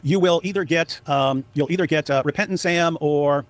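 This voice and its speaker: A man giving casual commentary, sarcastic, sometimes mocking others in exaggerated high-pitched quotes. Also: moderate pace, no room sound.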